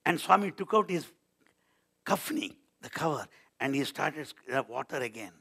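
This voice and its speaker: A man telling devotional stories as a spiritual speaker, swinging between loud declarations and quiet asides. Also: mid-range voice, expressive, normal speed, vocal fry, slightly rough. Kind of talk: devotional storytelling talk.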